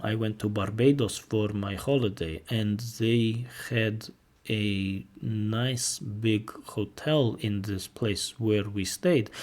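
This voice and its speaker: A man teaching an exam speaking lesson in a relaxed, self-deprecating way, modelling example sentences. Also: on the low side. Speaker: IELTS examiner and teacher. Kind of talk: casual video lesson.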